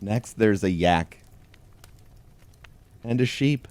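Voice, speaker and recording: A man reading a pun picture book aloud as a comic bit, in a mock-solemn deadpan way, talking to a toy penguin. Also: deep voice, measured pace, pauses often. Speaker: host. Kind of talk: deadpan comedic storybook reading.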